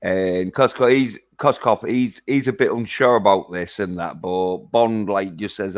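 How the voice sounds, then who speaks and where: A man's voice: on the low side, a little slow, few pauses. A man recapping a film in a casual, rambling way, full of hesitations and swearing. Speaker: film reviewer.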